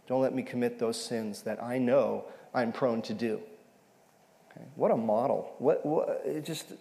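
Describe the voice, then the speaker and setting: Man preaching with a gravelly voice. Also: medium pitch, measured pace, mellow. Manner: conversational, repeats "okay?" often. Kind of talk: sermon teaching on a psalm. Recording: long hall reverb.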